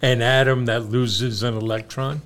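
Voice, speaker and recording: A man's voice: mid-range voice, fairly even intonation, normal speed, fairly bright tone, a little hiss or hum. A middle-aged man co-hosting a casual chat with his son, telling jokes and sharing good news in a playful, chuckling way. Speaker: co-host, father.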